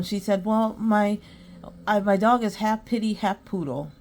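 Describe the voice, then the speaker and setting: A woman's voice: mid-range voice, a little slow, darkish tone, slight background noise. Woman, podcast host, chatty storytelling, voices both sides of a conversation, earnest advice. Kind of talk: casual storytelling monologue.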